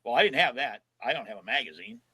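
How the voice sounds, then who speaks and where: A man's voice: medium pitch, quick pace, slightly rough, poor audio. A man in his seventies telling road trip stories in a casual chat, acting out the voices of people he quotes. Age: 70s. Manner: animated storyteller who acts out quoted dialogue. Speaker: podcast guest. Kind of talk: casual storytelling.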